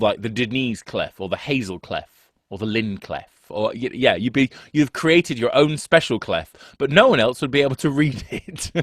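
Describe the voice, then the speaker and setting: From a home desk with two screens, a man runs a music theory class over video call through a desk microphone. His mid-range voice is talkative and self-mocking, and he keeps wandering off on side notes. The audio has studio quality without any echo.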